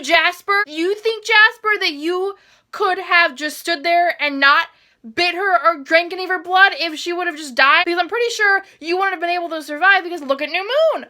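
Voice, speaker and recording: A young woman book vlogger reacting to a novel as she reads, gushing, swearing and jumping into excited shrieks. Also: extremely high pitch.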